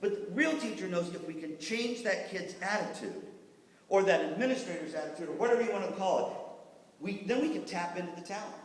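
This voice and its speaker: A man giving a lively workshop talk to music teachers, telling jokes and doing quick voices for the people in his stories. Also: high voice. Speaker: workshop presenter on band administration. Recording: echoey hall, voice from far off.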